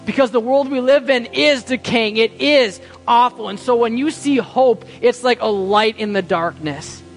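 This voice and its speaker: A man preaching a sermon as pastor, impassioned, swinging between loud pleading and hushed quiet lines. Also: very high voice, normal speed, soft background music.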